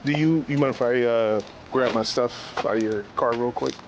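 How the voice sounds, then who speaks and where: An actor playing a hesitant young man who speaks haltingly, with fillers. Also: mid-range voice, muffled recording, background noise, close to an everyday voice. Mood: uneasy. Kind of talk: film acting, naturalistic dialogue.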